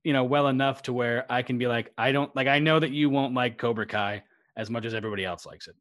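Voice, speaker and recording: A man's voice: medium pitch, steady tone, fast, fairly bright tone, dry recording, clean studio sound. A man co-hosting a podcast in casual chat, easygoing and filler-heavy, with mock impressions. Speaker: podcast co-host.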